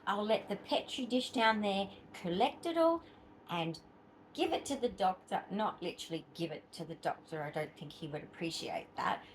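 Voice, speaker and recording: A woman's voice: fairly low pitch, fairly bright tone, slight background noise, rough recording. Chatty Australian woman vlogging. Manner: chatty, rambling, with frequent fillers and asides. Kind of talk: casual chat to camera.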